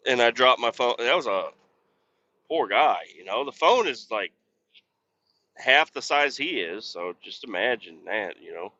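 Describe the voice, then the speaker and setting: A man's voice: medium pitch, pushed and bright, dull audio. A man hosting a podcast, rambling and cussing his way through casual stories while driving a truck. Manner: rambling, profane, laid-back storytelling. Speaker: podcast host. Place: truck cab on the road.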